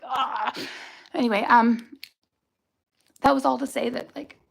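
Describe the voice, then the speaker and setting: A woman's voice: fairly high pitch, normal speed, gravelly, pauses often, fairly bright tone, rough recording. A woman speaking on a livestream, giving an emotional personal testimony, angry and raw, cursing and talking in bursts. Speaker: livestream host.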